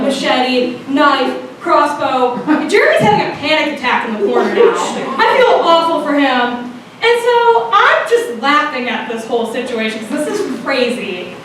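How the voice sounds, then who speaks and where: A young woman telling a funny story on a theater stage, animated and laughing as she acts out her friends. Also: high-pitched, far from the mic, a little hiss or hum. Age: young adult. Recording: very echoey theater from afar.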